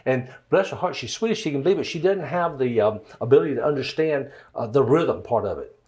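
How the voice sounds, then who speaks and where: A man's voice: mid-range voice, lively intonation, brisk, a little mellow. A man being interviewed as a songwriter in a studio, telling stories in a casual, chatty way with some filler words. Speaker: guest songwriter. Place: recording studio.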